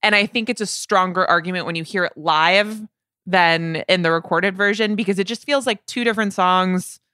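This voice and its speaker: Bright-voiced woman chatting about music. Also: fairly low pitch, normal speed, clear, resonant tone, no room sound, clean studio sound. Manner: chatty, laughs often, playful asides. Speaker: podcast co-host. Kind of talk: casual music discussion.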